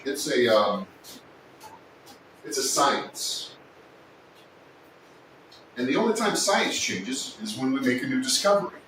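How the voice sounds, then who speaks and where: A man hosting a casual woodworking livestream, chatting and joking with his viewers, sometimes yelling, recorded in a workshop. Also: big pitch swings, a little slow, long pauses. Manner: joking, teasing, with sudden yells. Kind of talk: casual live-stream chat with viewers. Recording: echoey room, distant mic, faint rumble.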